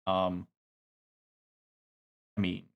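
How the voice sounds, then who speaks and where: A man chatting casually on a live stream, rambling and animated, swearing casually. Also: deep voice, drawn-out words, vocal fry, phone-quality sound.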